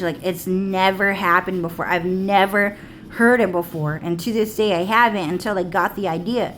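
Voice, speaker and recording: A woman's voice: mid-range voice, moderate pace, a bit bright, a little hiss or hum. A young woman vlogging in a loose, rambling monologue, swearing a lot and filling her talk with "like" and "dude".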